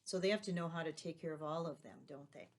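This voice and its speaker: A woman's voice: deep voice, fast, slight background noise. A woman teaching a remote lesson to young children, patient and leading them along with tag questions.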